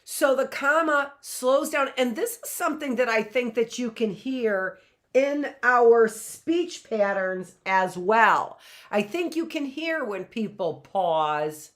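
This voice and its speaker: A woman's voice: medium pitch, fairly bright tone. A middle-aged woman teaching a grammar lesson in a chatty way, often checking in with "right?" and laughing at herself.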